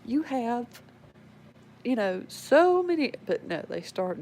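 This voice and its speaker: A woman's voice: fairly high pitch, sing-song, slow pace, a little mellow, a little hiss or hum, rough recording. A woman, rambling casually about her pets at home and talking to them as she goes. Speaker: pet owner showing her animals. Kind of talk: casual home video chat.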